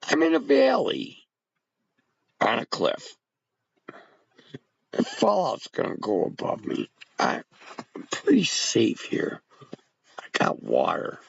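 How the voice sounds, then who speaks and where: Gravelly, rambling man on a livestream. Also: lowish voice, wildly swooping pitch, slow, pauses often, no room sound, lo-fi sound. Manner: rambling, talks to chat viewers by name. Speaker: livestream host. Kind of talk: rambling casual livestream chat. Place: home bunker.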